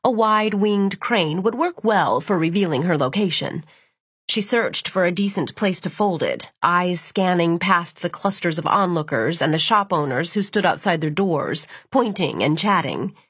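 A woman reads a novel aloud at a measured, steady pace, her voice soft and breathy at mid pitch. The recording is close and completely dry, with no echo and nothing heard behind her. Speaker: audiobook narrator. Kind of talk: scripted narration.

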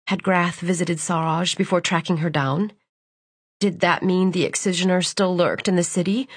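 A woman reads a novel aloud in a measured, steady storytelling voice. Her tone is husky and slightly breathy. The recording is close and dry. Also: medium pitch, no echo. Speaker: audiobook narrator. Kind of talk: scripted audiobook narration.

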